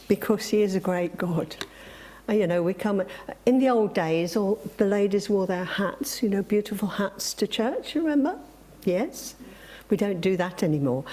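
A woman preacher reading a reflective story and moving into a sermon, gentle and with emphatic exclamations. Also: medium pitch.

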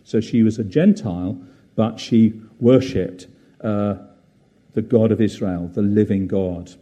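Man, preacher, very dark mellow voice, lowish pitch, gentle reflective sermon, fillers. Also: a little slow. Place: church service.

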